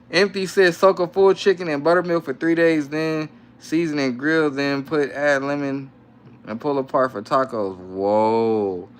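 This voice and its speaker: A man's voice: a little high, slow pace, clear, resonant tone. A young adult man casually chatting on a live stream from home, reading comments aloud with laid-back, slangy banter and frequent laughs. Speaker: livestream host. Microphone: phone.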